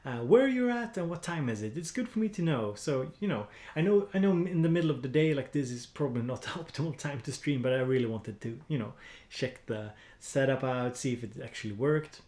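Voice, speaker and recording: A man's voice: medium pitch, animated, brisk, few pauses, darkish tone, reverberant. A man with a Swedish accent chatting casually on a music-production live stream, rambling with lots of fillers and restarts while he edits samples. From Sweden.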